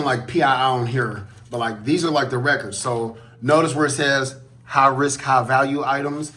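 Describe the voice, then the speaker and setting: Brief: man, casual vlog rant, profane and animated, mid-range voice. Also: mid-range voice. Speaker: collector vlogger.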